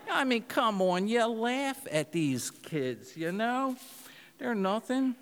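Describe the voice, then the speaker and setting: A man's voice: high voice, sing-song, takes it slowly. A man preaching a sermon, telling stories with laughter and mimicked voices. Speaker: pastor. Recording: long hall reverb.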